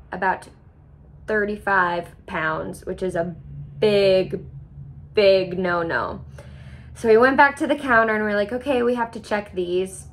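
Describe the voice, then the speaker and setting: A young woman vlogger telling a travel story in a casual, animated way, often laughing and acting out what people said. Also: medium pitch. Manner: animated, laughs often, acts out quoted reactions.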